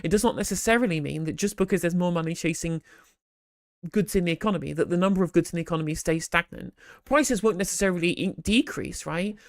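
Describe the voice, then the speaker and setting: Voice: medium pitch, quick pace, no echo. Rambling, sarcastic live stream host, dry sound. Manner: rambling, animated, full of restarts and sarcasm. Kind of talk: casual live commentary.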